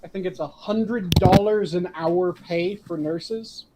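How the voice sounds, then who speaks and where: A man with a notably high voice takes part in a casual podcast chat. He mostly chimes in with short, blunt remarks and the occasional "mm-hmm". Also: slow pace, very noisy. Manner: brief interjections and blunt asides.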